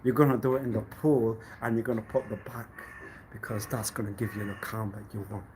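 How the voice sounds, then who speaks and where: A man talking alone on a live stream in a rambling, cryptic monologue, swinging between low mutters and sudden loud bursts. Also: steady tone, fairly quick, background noise.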